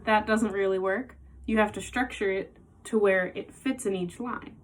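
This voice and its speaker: A woman's voice: mid-range voice, fairly even intonation, moderate pace. A woman giving a casual songwriting lesson, patiently explaining and counting beats aloud, with guitar playing behind her. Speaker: music teacher.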